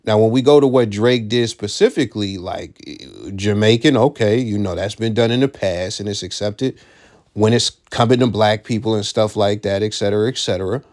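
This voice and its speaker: A man's voice: lowish voice, moderate pace, a little mellow. A man giving casual commentary, blunt and profane, who repeats his key points for emphasis.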